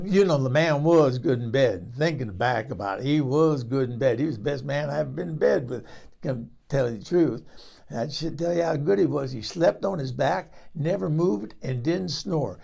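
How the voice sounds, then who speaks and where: A man's voice: on the high side, vocal fry, darkish tone. A man playing a frank older woman who rambles through a comic story and laughs at herself. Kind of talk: comic character monologue.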